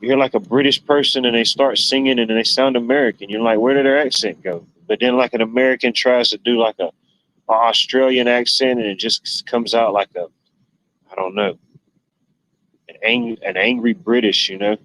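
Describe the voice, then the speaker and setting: A man's voice: medium pitch, fairly even intonation, normal speed, fairly bright tone, rough recording. A man hosting a livestream, chatting casually, rambling and joking with viewers. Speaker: livestream host. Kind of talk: casual chat reading viewer comments.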